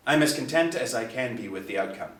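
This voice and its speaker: A man voicing a dignified, grieving middle-aged superstar father who speaks in a composed, measured way in a storybook reading. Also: mid-range voice, expressive, a bit bright, natural voice. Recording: echoey, distant mic.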